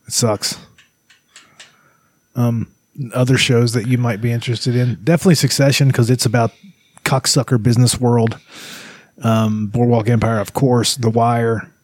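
A man's voice: mid-range voice, flat delivery, normal speed, pauses often, a little mellow, dry recording, clean studio sound. A man co-hosting a podcast in casual, profane, rambling chat. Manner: laid-back, profane, rambling. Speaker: podcast co-host.

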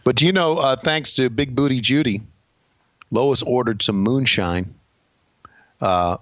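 A man's voice: mid-range voice, a little slow, a bit bright, no room sound, lo-fi sound. A man co-hosting a podcast, telling dry, laid-back anecdotes in casual chat. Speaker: podcast co-host.

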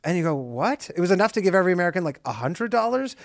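Lively high-voiced man ranting on a podcast. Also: racing, vocal fry, no echo, studio quality. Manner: animated, profane, acts out quotes in mocking voices. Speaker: podcast co-host. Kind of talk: casual chat.

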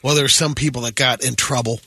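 A man's voice: mid-range voice, steady tone, vocal fry, bright, forceful tone, husky, no room sound. A man co-hosting a morning radio show, reading quirky news items in casual banter. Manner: brisk news-item delivery.

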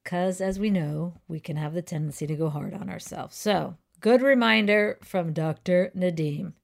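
A woman co-hosting a podcast in casual chat, an animated and playful storyteller who loves telling jokes. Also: lowish voice, moderate pace, creaky, a little hiss or hum. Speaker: podcast co-host.

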